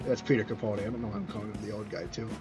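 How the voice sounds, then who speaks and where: A man's voice: fairly low pitch, little pitch movement, very fast, over music, poor audio. A man streaming a video game, chatting casually and rambling through answers to viewers' questions, often restarting his sentences. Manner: rambling, self-correcting, answers chat questions.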